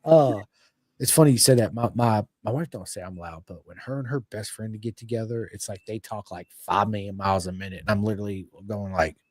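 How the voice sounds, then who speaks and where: A man's voice: lowish voice, a little fast, a little mellow. A man hosting a podcast, joking and easygoing in casual slangy chat. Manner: laid-back, joking, slangy. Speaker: podcast host.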